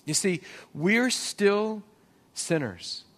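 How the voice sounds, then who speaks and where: A man's voice: high-pitched, very animated, extremely slow, fairly bright tone. A man preaching a sermon as a pastor, telling personal stories and asking the congregation questions.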